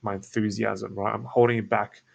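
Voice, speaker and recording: An Australian man talks through a sales technique in a relaxed, low-key teaching voice. His voice is gravelly with a creaky fry, kept deliberately calm and toned down, never pushy. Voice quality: creaky, croaky low delivery. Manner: laid-back, toned-down, flat on purpose. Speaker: agency owner teaching cold calling. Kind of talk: casual instructional talk with demo lines.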